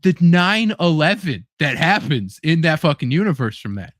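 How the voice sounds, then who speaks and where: A man hosts a loose, casual chat, his voice sitting a little high as he rambles excitedly through fillers and curses. The sound is dry and close with no room around it. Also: moderate pace, dry recording. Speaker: podcast host.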